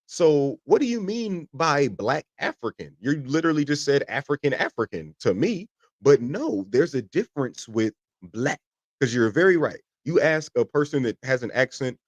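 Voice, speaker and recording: A man co-hosting a casual podcast discussion, talking in an animated, emphatic way and swearing freely. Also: mid-range voice, dry recording. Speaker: podcast co-host.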